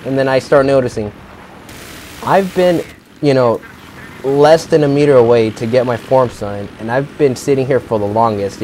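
A man's voice: medium pitch, darkish tone, a little hiss or hum. A teenage young man ranting in a profane, rambling way, full of fillers, as he tells a story for his vlog. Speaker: vlogger.

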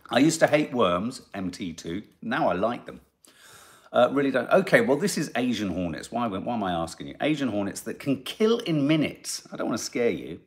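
A middle-aged man hosts a casual podcast, reading out comments from his audience and drifting off into stories. His pitch sits mid-range but roams widely, rising and falling with lively expression. His delivery is chatty and rambling. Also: brisk. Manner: animated, rambling, storytelling. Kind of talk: casual chat.

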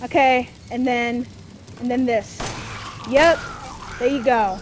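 A woman playing a horror game and commenting, frightened, swearing and yelling at the game. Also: fairly high pitch, slow, long pauses, noisy background. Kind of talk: horror let's play commentary.

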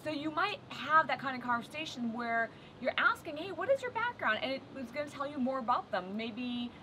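A native French woman with a French accent gives an upbeat video lesson in a fairly high voice, trading English explanation for spoken French examples. Steady background noise sits under her voice. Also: moderate pace, rough recording. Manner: lively, switches between English and French example phrases. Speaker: French teacher.

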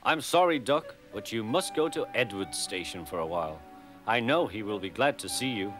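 A man's voice: on the low side, lively intonation, moderate pace, lightly acted. A man voicing a stern but fair railway boss who speaks formally. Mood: firm. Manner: firm, formal. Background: music.

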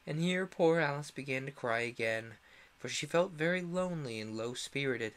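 A young man reading a classic storybook aloud on a stream, expressive and acting out the characters. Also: mid-range voice, moderate pace, smooth.

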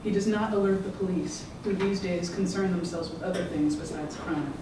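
An author giving a measured, rhythmic public reading of their own fiction. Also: medium pitch, steady tone. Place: event room. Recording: echoey room, distant mic, background noise.

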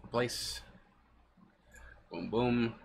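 A man's voice: medium pitch, drawn-out words, creaky, slight background noise. A man streaming a game, giving rambling, jokey commentary and often laughing at his own jokes. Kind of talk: casual gameplay commentary.

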